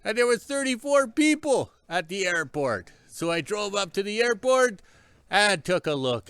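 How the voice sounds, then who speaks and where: A man's voice: high-pitched, expressive, normal speed, fairly bright tone, clear, resonant tone, no room sound. A man telling a story in a casual vlog, chatty and stopping often for an emphatic "yes". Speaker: vlogger.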